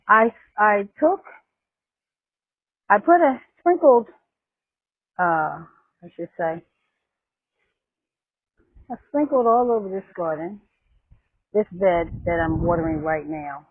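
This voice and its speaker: A woman chats on camera out in her garden, rambling and restarting her sentences as she works. She talks slowly in a husky voice. The sound is thin and phone-like, with no room echo. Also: on the low side. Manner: chatty, rambling, with many restarts. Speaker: gardening vlogger. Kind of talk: casual gardening vlog. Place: outdoors in a garden. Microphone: camera microphone.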